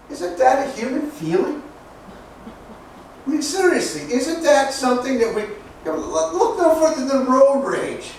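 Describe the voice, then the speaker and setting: A man's voice: extremely high pitch, animated, normal speed. A male pastor preaching a sermon in a joking, conversational way, asking the congregation questions and answering back. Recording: echoey hall picked up from a distance, faint noise.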